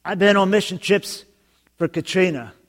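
A man preaching a sermon as pastor, telling jokes and stories in an animated way. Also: sits high, normal speed. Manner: joking, animated storytelling with laughs.

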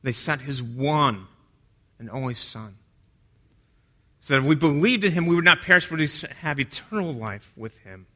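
A man preaching a sermon, moving from emphatic delivery to quiet, hushed retellings of scripture scenes. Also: mid-range voice, animated, normal speed, pauses often. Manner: dynamic, drops to a hush for quoted lines.

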